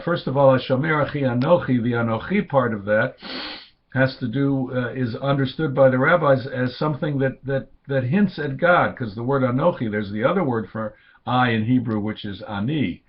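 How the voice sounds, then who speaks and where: A man's voice: normal speed, highs cut off. A man giving an informal lecture on rabbinic texts, thinking aloud with many fillers and restarts, often quoting Hebrew and acting out the speakers in a raised voice. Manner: quotes Hebrew and acts out speakers with raised pitch.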